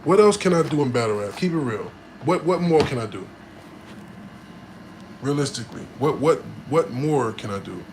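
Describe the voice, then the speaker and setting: A man's voice: mid-range voice, lively intonation, moderate pace, darkish tone, roomy sound, a little hiss or hum. A man, a battle rapper, chatting casually with fans in a slangy, profane, rambling way that swings between hyped and subdued. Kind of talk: casual live chat with fans.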